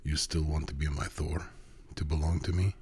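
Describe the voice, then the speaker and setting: Guy doing a bossy dominant man, deep growly purr, raspy. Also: flat delivery, moderate pace, a little mellow, heavily acted. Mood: commanding. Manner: low growling, purring commands. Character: short, dominant commanding man.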